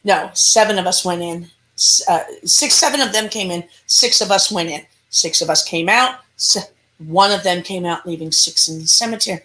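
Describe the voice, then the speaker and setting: A woman's voice: lowish voice, moderate pace, poor audio. A woman who investigates the paranormal, telling a story in a casual interview and acting out the lines people said. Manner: animated storyteller who acts out quoted lines; casual, conversational, with restarts.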